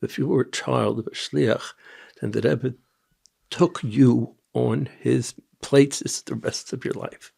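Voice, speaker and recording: Older guy telling his stories, really gravelly, husky, keeps restarting. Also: mid-range voice. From Nashville, Tennessee. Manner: rambling, halting restarts, quiet asides. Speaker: guest. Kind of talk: personal storytelling in an interview.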